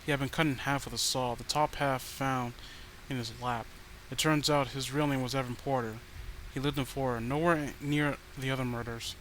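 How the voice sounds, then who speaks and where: Male horror story narrator, grim and deadpan, mid-range voice. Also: medium pitch, moderate pace, slight background noise, rough recording.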